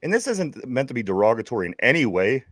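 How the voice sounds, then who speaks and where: A man's voice: medium pitch, sing-song, fast talker, a bit bright, no room sound, studio quality. A man with a Pittsburgh accent, co-hosting a casual sports podcast and telling a rambling story, stammering and repeating his words. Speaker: podcast co-host.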